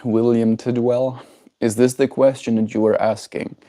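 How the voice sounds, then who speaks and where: A man chatting casually on a live stream from home in a gentle, unhurried way, talking to his pet and answering viewer comments. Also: medium pitch, flat delivery. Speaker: livestreamer.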